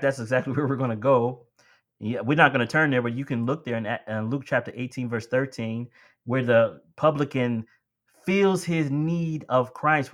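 A man's voice: mid-range voice, a bit bright. A man preaching a sermon, talking to the congregation like friends, building to emphatic lines and easing back down. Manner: addresses listeners as beloved and friends.

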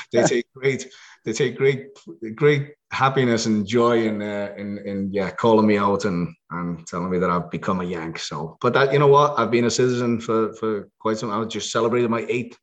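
Scouse man in his late forties. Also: on the low side. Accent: Liverpool (Scouse), with some American. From Liverpool, England. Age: late 40s. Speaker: guest, EMS worker. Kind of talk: casual interview chat.

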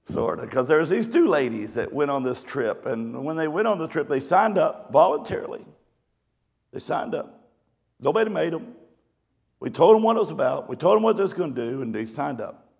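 A man's voice: fairly high pitch, big pitch swings, normal speed, gravelly, a little mellow, breathy edge. A male pastor telling a folksy story in a conversational sermon. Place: church or camp meeting hall. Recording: long hall reverb.

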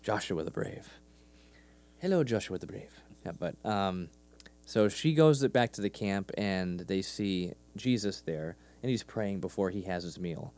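A man's voice: low voice, a little slow. A man in his thirties co-hosting a podcast, recapping scenes in casual chat and acting out the characters' lines. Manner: animated, acts out quoted lines. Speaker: podcast co-host.

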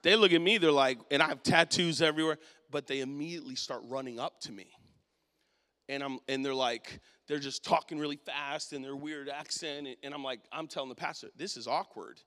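A man preaching a sermon and telling a personal story, his voice swinging from quiet to loud. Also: a little high, steady tone, a little fast, in a large hall.

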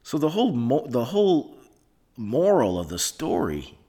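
A podcast host rambles through a solo monologue, sarcastic and sprinkled with swearing, his mid-range voice mellow and slightly rough. His pitch swoops wildly while he takes his time. He's recorded on a microphone into a laptop in a soundproofed room.

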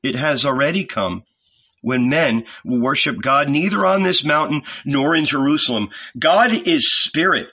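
A man reading an audiobook, voicing a calm, patient teacher figure. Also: on the high side, moderate pace, breathy edge, dull audio. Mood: solemn. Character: calm gentle male teacher, patient and solemn.

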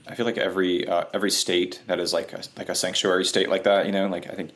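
A man with a very low voice talks casually on a podcast. He hesitates often and fills pauses with "um" and "uh". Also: flat delivery, a bit bright. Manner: hesitant, frequent fillers. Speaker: podcast guest, home builder. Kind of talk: casual conversation.

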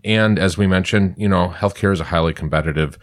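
A man's voice: sits low, fast. A man in his sixties discussing healthcare quality in an earnest, emphatic way, often repeating his points. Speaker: podcast host on surgery center quality. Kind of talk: conversational discussion.

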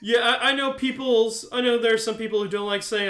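A man's voice: very high-pitched, steady tone, fairly quick, fairly bright tone. A man co-hosting a casual podcast, joking bluntly and swearing freely. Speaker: podcast co-host. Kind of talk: casual rewatch podcast chat.

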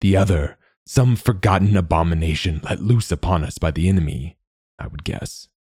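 A man voicing an ancient, secretive machine god in a storybook reading, with a rasping, slow and measured delivery. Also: low-pitched, dark tone, no room sound, clean studio sound. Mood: solemn. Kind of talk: audiobook narration.

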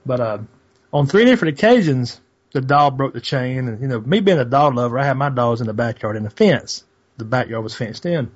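A man's voice: mid-range voice, expressive, a little fast, highs cut off. A man telling a rambling, profane story over a call, in a casual, laid-back way. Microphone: call audio.

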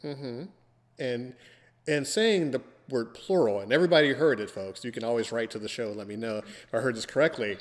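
A man's voice: mid-range voice, a little fast, in a large hall. A man hosting a casual podcast, teasing his guest in a playful, theatrical way. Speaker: podcast host.

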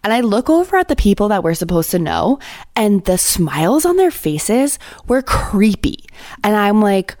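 A young adult woman hosting a podcast, telling a story in casual chat, animated and blunt, swearing freely. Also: mid-range voice, moderate pace, no echo, studio quality. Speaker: podcast host.

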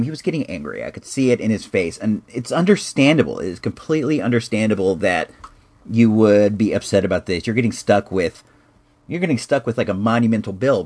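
A middle-aged man hosting a podcast, telling a long casual story with frequent restarts and fillers. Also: medium pitch.

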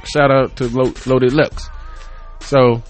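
A man in his thirties hosting his own podcast, rambling casually and profanely, laughing often and jumping from quiet mutters to loud, excited storytelling. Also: takes it slowly, faint music behind. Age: 30s. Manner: loose and profane, laughs often, swings from low mumbles to loud excited bursts. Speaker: podcast host. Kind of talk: casual solo podcast rant. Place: bedroom home setup.

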